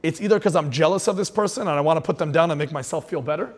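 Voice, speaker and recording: A man's voice: a little high, rapid-fire. A man giving an inspirational sermon as a rabbi, telling stories with passion and sprinkling in Hebrew terms.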